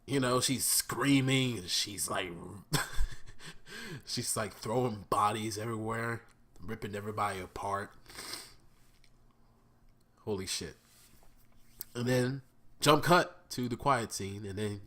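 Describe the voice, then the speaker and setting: A man vlogging a casual, profane review of a cartoon episode, rambling with fillers and restarts and breaking into excited laughter. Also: lowish voice. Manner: profane, bursts into laughing squeals when excited.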